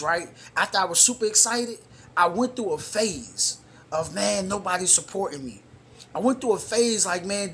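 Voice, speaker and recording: A man's voice: high-pitched, fairly bright tone, a little hiss or hum. A man hosting his own show, giving a casual motivational talk to camera. He is emphatic and repetitive, uses informal slang and calls his listeners brothers and sisters. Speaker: motivational speaker and show host.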